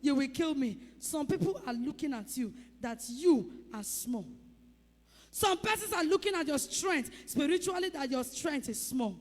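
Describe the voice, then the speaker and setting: A woman's voice: sits high, expressive, a little slow, in a large hall. A woman pastor preaching a sermon with emphatic calls, rhetorical questions to the congregation and acted-out sound effects.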